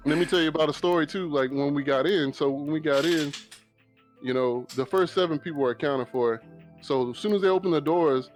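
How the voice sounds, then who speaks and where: A laid-back man with a Southern US accent spins a story in casual podcast chat, his voice sitting a little high. He slips into the voices of the people he talks about, and faint music runs underneath. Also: brisk. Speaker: podcast guest.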